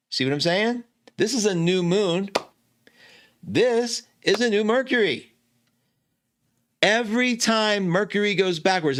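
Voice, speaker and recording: Chatty, animated male astrology host. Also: a little high. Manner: chatty, animated, self-correcting with laughs. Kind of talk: casual teaching talk.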